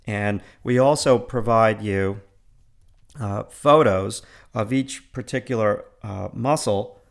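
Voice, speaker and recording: A man's voice: fairly low pitch, slow pace, creaky. A middle-aged man with a New York accent, an art instructor casually walking through his online lessons, enthusiastic and full of fillers and repeated words. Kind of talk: casual screencast walkthrough.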